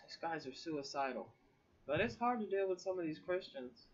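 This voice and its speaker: A woman's voice: fairly low pitch, animated, brisk, fairly bright tone, highs cut off. A woman talking casually to camera in a rambling vlog, swearing freely and laughing often. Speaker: vlogger.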